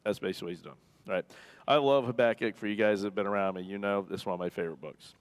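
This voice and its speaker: Low-voiced pastor, conversational sermon. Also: male voice, rapid-fire, smooth. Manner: conversational, jokey, acts out quoted voices. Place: church.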